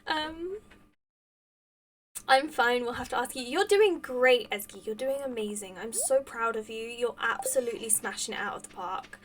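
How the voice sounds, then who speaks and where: A high-pitched woman streamer chats with her viewers while she plays a game. Her talk gushes with effusive thanks and rambles along through plenty of restarts and fillers. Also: animated, normal speed, fairly bright tone, recorded from a distance, low-quality recording. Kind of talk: casual chat with live viewers while gaming.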